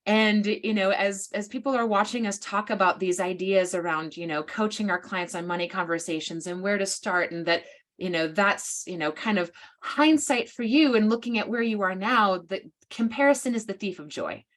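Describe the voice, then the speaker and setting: A woman's voice: mid-range voice, moderate pace, fairly bright tone. Rambling woman host asking questions. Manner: rambling, searching questions with many "you know"s. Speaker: host, interviewer. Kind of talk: interview chat.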